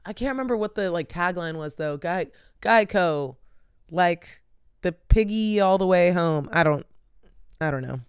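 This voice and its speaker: Tired young woman rambling, smooth dry voice. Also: fairly low pitch, animated, unhurried, no echo. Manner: rambling, lots of "like" and "um". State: tired and yawning. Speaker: podcast host. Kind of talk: casual solo chat.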